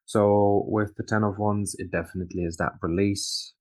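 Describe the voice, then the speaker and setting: A man's voice: lowish voice, fairly even intonation, moderate pace, darkish tone. A man co-hosting a casual tarot reading chat, agreeable and thoughtful. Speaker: tarot reader co-host.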